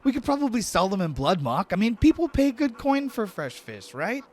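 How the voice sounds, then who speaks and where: A man voicing a naive, eager little fuzzy-eared male critter in a high, fretful voice for a tabletop game. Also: big pitch swings, moderate pace, a little mellow. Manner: high, fretful and wide-eyed.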